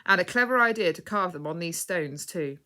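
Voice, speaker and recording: A woman's voice: fairly low pitch, lively intonation, a little fast, sharp tone. A woman voicing a friendly, encouraging grown man who praises his companions. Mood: approving.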